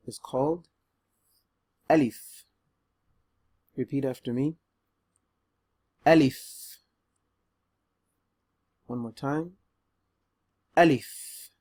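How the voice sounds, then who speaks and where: Easygoing man teaching letters. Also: mid-range voice. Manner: relaxed and chatty, with frequent ums; loud, emphatic modelling of letter sounds. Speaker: Quran reading teacher. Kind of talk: beginner Arabic lesson video.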